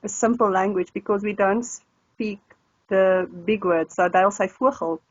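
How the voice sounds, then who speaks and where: A woman's voice: medium pitch, steady tone, a little slow, dry recording. South African woman in her 30s, native Afrikaans speaker; chatty tutor who laughs often; dry, dull lo-fi recording. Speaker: language tutor. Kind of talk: casual interview chat.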